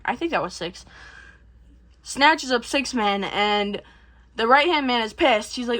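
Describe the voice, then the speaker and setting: A young woman casually recapping a film, rambling and swearing, jumping into quick voices for the characters. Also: a little high, lively intonation, a bit bright. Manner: rambling and profane, acts out characters in quick bursts. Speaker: vlogger.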